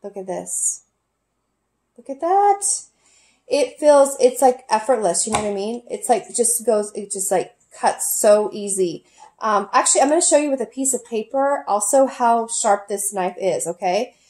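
A woman's voice: fairly high pitch, moderate pace, mellow. Gushing woman reviewing a knife at home. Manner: gushing, enthusiastic, many fillers. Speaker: product reviewer. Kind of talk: casual product review vlog. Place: home kitchen.

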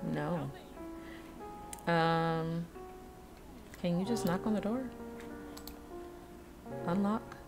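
A woman's voice: lowish voice, very slow, vocal fry, long pauses, music in the background. A woman giving casual gameplay commentary, thinking aloud and chatting to the characters on screen. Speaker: let's-play host.

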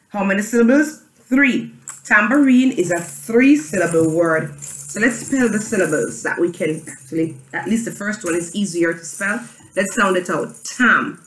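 A woman's voice: medium pitch, lively intonation, unhurried, roomy sound. A woman teaching a children's phonics reading lesson, chanting and spelling letters aloud with her class. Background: tambourine jangling.

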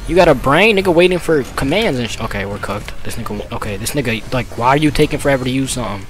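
A man streaming a game, bossing and trash-talking his teammates, at times shouting, at times muttering. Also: medium pitch, lively intonation, fast talker, over music. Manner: bossy trash-talking, swinging from shouting to mumbling. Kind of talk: gaming stream chat.

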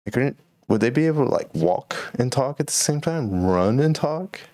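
A man's voice: mid-range voice, expressive, moderate pace, warm tone, no echo, studio quality. A man hosting a solo podcast, musing and rambling casually about current events. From Texas. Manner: rambling, musing, laid-back. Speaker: podcast host.

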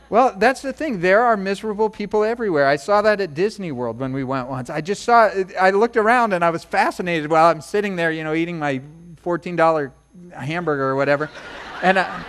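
Male pastor, high voice, animated sermon delivery with humor. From United States. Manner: animated preaching, jokes and quoted voices.

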